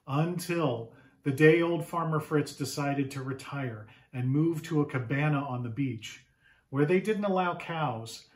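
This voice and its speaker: Animated man reading a picture book. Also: fairly high pitch, reverberant. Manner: animated, asks the young listeners questions. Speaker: children's author reading his book. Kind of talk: picture book read-aloud for children.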